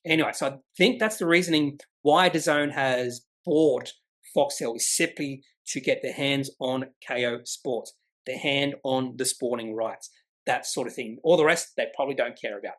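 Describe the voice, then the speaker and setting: A man's voice: mid-range voice, normal speed, a bit bright. A man hosting a casual daily stock market rundown, chatty and rambling with asides. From Australia. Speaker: stock market video host.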